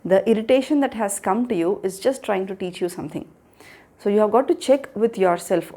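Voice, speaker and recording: A woman speaks straight to the camera as a parenting coach, her voice mellow and warm rather than bright. She talks earnestly, repeats her key points and keeps turning to the listener with rhetorical questions. Her pitch sits in a middle range for a woman. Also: fairly quick. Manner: earnest, repetitive, addresses the viewer with rhetorical questions. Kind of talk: direct-to-camera advice talk.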